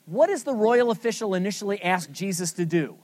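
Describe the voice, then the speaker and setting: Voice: mid-range voice, expressive, fairly quick, a little mellow, dry recording. A Bible study teacher leading a scripture lesson, asking the group questions and then answering them with emphasis.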